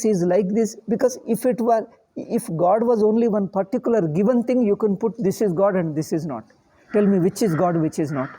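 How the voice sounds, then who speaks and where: A man's voice: sits high, dark tone, slightly rough. A man giving a scripture lecture as a spiritual teacher, emphatic and full of rhetorical questions, scornful toward critics.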